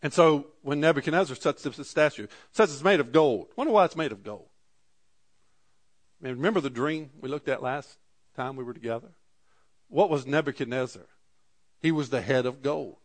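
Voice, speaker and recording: A man preaching a sermon, reading scripture slowly and dropping his voice for asides. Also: expressive. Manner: slows and rises for scripture readings, drops low for asides; archaic scripture readings, repeated "Amen". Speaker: pastor.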